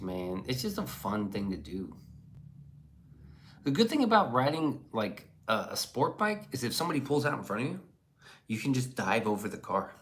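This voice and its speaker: A man's voice: medium pitch, very animated, moderate pace, fairly bright tone. A man streaming live, reading chat messages aloud and riffing on them in loose, profane, casual talk.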